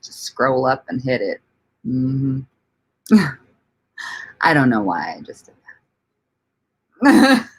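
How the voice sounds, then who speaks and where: With a very deep, sing-song voice that's slow, breathy at the edges, and broken by long pauses, a woman hosts a casual home livestream. She laughs often, swears freely, and rambles with restarts while greeting and answering viewers.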